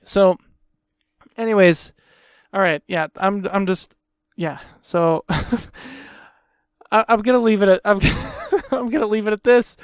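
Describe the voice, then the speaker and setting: A man's voice: high voice, a little slow, clear, resonant tone, no echo, studio quality. A young man hosting a solo podcast, ranting with lots of swearing, rambling and self-deprecating. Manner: profane, exasperated ranting. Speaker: podcast host.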